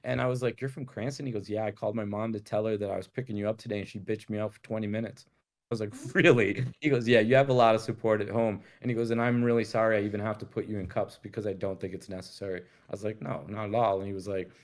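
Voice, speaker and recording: Low-voiced guy telling a story, laid-back, swears a lot, acts out the voices. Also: steady tone, fast. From Rhode Island. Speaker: guest. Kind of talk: casual storytelling.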